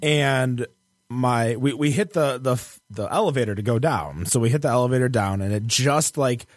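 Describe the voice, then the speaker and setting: A male podcast host telling a funny anecdote in an animated way, laughing as he goes. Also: mid-range voice, moderate pace, no echo, clean studio sound. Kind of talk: casual storytelling.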